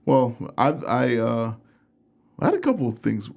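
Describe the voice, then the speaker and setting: A man's voice: medium pitch, very animated, measured pace, vocal fry, a little mellow. Young male comedian guest, casual storyteller, profane and self-mocking.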